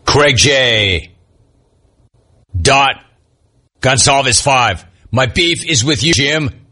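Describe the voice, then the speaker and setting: A male sports talk host reads out listener complaints one after another, tossing in quick wisecracks. His delivery is slow and easygoing, and his voice has a bright, forward edge. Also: medium pitch, expressive. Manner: wisecracking, riffs on each message. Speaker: sports radio host reading listener messages. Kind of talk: casual sports talk show chat.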